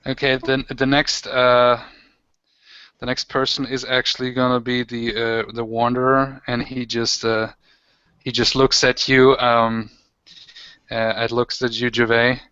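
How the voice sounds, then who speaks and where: A man running a tabletop role-playing game as game master, who explains the rules haltingly with many fillers. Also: mid-range voice, flat delivery, sharp tone, smooth, dry recording. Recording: dull lo-fi home recording.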